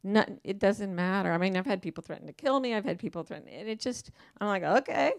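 A woman's voice: mid-range voice, quick pace. A woman author talking as a guest in a casual onstage interview, emphatic and playful, often quoting herself in voices.

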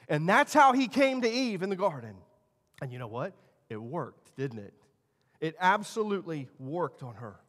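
A man in his thirties preaching a sermon as pastor, telling stories and shifting between quiet asides and loud emphasis. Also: high-pitched, sing-song, unhurried. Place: church sanctuary. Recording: long church hall reverb.

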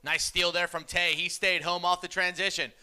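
Casting: high, bright male esports caller, smooth crisp delivery. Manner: quick excitable calls, laughs often. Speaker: play-by-play commentator. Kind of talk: esports play-by-play commentary.

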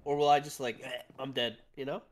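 A man voicing a robot pirate fox who answers in a dry, deadpan way during a playful game role-play. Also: mid-range voice, a little fast, a crowd in the background, lightly acted. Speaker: roleplayer.

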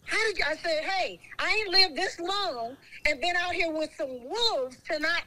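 A middle-aged woman calling in by speakerphone as the guest's mother, telling a story in a blunt, animated way and cursing freely. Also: very high-pitched, moderate pace, a little hiss or hum, poor audio. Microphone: phone on speaker.

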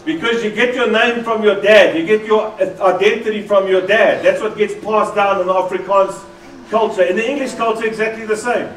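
A man from South Africa with a South African accent, preaching a lively sermon, joking and drawing in the congregation. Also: high voice, normal speed, a little hiss or hum. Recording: echoey hall from far off.

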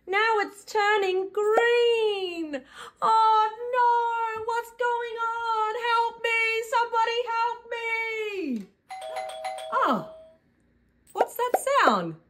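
A young woman presenting a preschool video with a high, very lively voice. She leans into every line with exaggerated, sing-song drama and takes her time. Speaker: children's educator host.

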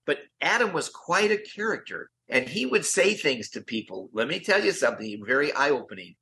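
Bright, eager older man telling stories. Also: fairly high pitch, sing-song, slight background noise. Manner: enthusiastic, quick-talking raconteur. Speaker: guest. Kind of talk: animated storytelling in an interview.

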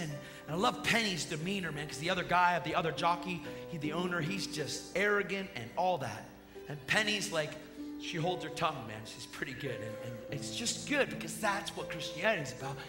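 A man preaching a sermon, excitable and slangy, retelling a movie with gusto and calling the church to action. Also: a little high, fairly quick. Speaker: guest preacher. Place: church hall with live audience. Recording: church hall reverb with music behind.

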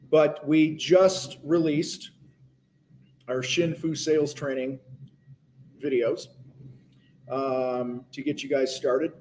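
Male live-stream host, slightly high voice, loose rambling delivery with fillers and restarts. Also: a little mellow, slight background noise. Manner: talks with his mouth full at times. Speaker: host of a live business show. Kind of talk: casual live-stream talk. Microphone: phone.

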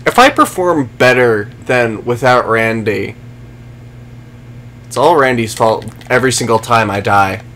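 Guy streaming a game, swears a lot, sarcastic, voice swings all over, talks slow. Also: medium pitch, expressive, sharp tone, a little hiss or hum. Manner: profane, sarcastic, talks to game enemies and chat. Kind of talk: live gameplay commentary.

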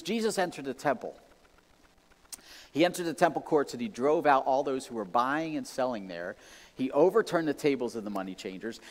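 A man preaching a sermon in a conversational, animated way, acting out excited exclamations. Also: mid-range voice, in a large hall. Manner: animated, conversational, many restarts and acted-out exclamations. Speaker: pastor. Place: church sanctuary.

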